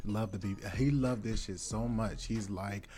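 A man co-hosting a casual podcast, playful and loud, his pitch jumping high when he jokes. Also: measured pace, faint music behind. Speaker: podcast co-host. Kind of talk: casual chat.

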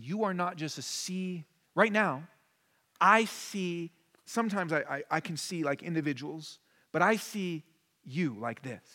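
A man in his thirties preaching a conversational sermon, moving between quiet, intimate asides and rising, emphatic lines. His voice sits a bit high for a man. The sound is a church sanctuary with a long reverb tail. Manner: conversational, swings from hushed to emphatic. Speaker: pastor.

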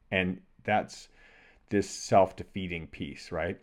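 A man's voice: deep voice, takes it slowly. A middle-aged man, a podcast co-host, telling a thoughtful personal story and acting out the voices in his head. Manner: thoughtful, acts out inner voices while telling stories. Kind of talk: reflective conversational storytelling.

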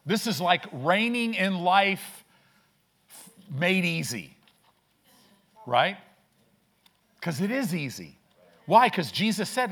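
In church, a male pastor preaches with energy in quick bursts, posing rhetorical questions and exchanging call-and-response with the congregation. His voice sits high, very animated and fairly bright.

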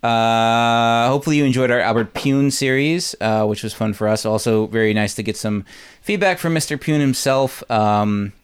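A man's voice: mid-range voice, moderate pace, clear, resonant tone. A man hosting a podcast in casual chat, rambling with fillers and restarts. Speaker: podcast host.

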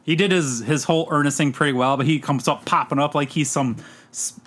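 A man's voice: a little high, a bit bright. A man co-hosting a podcast, chatting casually about a movie and often trailing off mid-sentence. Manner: halting, trailing off, restarts. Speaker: podcast co-host. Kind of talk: casual movie review chat.

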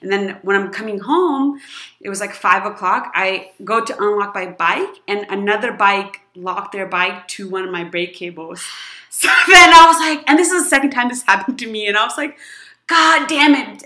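A woman's voice: medium pitch, a little fast, bright, forceful tone, reverberant. A woman in her thirties telling a long personal story to friends in casual chat, rambling with lots of fillers and frequent laughter.

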